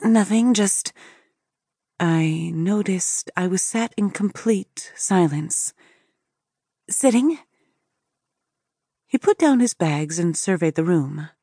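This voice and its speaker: Breathy, mellow female audiobook narrator. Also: fairly low pitch, lively intonation, unhurried, no room sound, studio quality. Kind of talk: first-person scripted narration.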